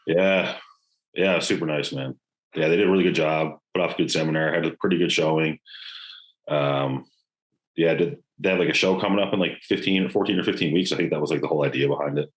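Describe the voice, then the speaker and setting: A man's voice: rumbling low, brisk, poor audio. A young man co-hosting a podcast, chatting casually and loosely, with lots of "like" and "yeah". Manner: laid-back, filler-heavy with lots of "like". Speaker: podcast co-host. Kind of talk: casual chat.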